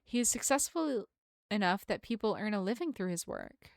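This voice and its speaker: A woman's voice: medium pitch, animated, moderate pace, gravelly, no echo. A woman voicing an earnest, polite young woman who talks in formal, apologetic phrases, reading a visual novel aloud with a dry sound.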